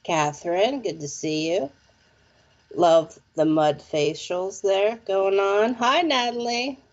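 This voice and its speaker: A woman psychic reader talks to her live-stream viewers in a loose, chatty way, full of fillers and little check-ins. She speaks slowly, and the audio has a dull, muffled lo-fi quality. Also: mid-range voice. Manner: chatty, lots of fillers like "okay?" and "like". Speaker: psychic reader and show presenter.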